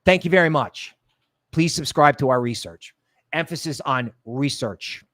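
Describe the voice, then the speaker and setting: A man hosting a casual livestream, talking in a rambling, jokey way and dropping into low asides. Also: a little slow, fairly bright tone, no echo, studio quality. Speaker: crypto livestream host.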